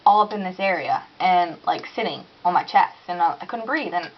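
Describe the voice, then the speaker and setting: Chatty and animated, a young woman recounts a story in a casual home vlog, full of "like" and "dude" as she acts out her own panic. She has a lowish voice, speaks a little fast, and the audio sounds dull.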